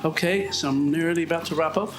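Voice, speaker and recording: A man's voice: fairly high pitch, steady tone, fast talker, music in the background, low-quality recording. A man from Ireland who talks in a chatty, self-mocking way and wanders off topic while he walks on a treadmill. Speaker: vlogger. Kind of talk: rambling treadmill monologue.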